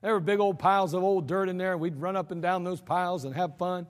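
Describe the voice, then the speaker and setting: High-voiced folksy American preacher. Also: male voice, steady tone, fast. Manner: folksy, emphatic storytelling preacher. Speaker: pastor. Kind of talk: sermon. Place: large church sanctuary. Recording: church hall reverb.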